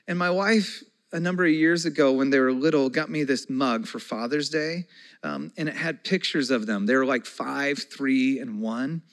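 A man in his forties preaching a conversational sermon as a pastor, moving between soft, slow passages and loud, excited ones. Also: mid-range voice, rough recording.

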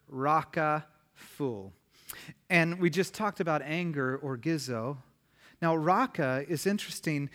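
A pastor preaching a sermon, listing points and then dropping to a quiet, emphatic voice. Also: male voice, high-pitched.

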